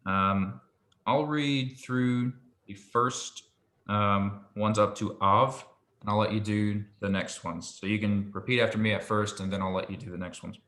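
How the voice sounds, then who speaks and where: A man with a fairly low but bright, forward voice tutors a single student. He is patient and hesitant, filling pauses with ums. The sound bounces around an echoey room. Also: fairly even intonation. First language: English. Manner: patient, hesitant with frequent ums, gentle laughs. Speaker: Hebrew tutor. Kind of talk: casual one-on-one language lesson.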